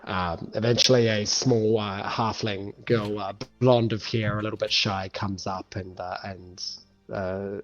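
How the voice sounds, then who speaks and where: A man narrating a tabletop game as game master in a loose, rambling way. His voice sits fairly low. The recording is muffled and lo-fi, with faint music underneath. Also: little pitch movement, measured pace. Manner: loose, full of fillers.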